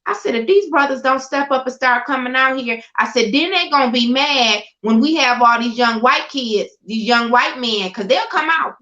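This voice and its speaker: A woman speaks with fiery emphasis, pressing her points home. Her voice is bright and sits a little high. The sound is roomy and muffled, like a remote call. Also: normal speed, few pauses. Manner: forceful and emphatic, preacherly build. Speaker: guest speaking on politics. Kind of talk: impassioned casual talk.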